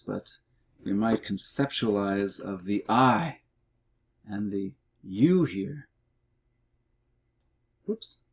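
A middle-aged man explaining grammar in a recorded language lesson walkthrough, reading words out slowly and methodically. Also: on the low side, gravelly, slightly rough. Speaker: Greek teacher.

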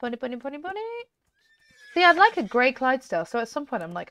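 A woman giving chatty, excitable let's-play commentary as a gaming YouTuber, often giggling. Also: high voice, fast.

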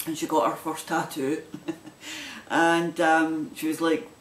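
A man's voice: on the high side, little pitch movement, slow pace, a bit bright, slight background noise. A man with a broad Glaswegian accent who hosts a knitting podcast, rambling chattily and restarting his sentences in a casual vlog. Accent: Glaswegian Scottish. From Scotland. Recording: roomy echo.

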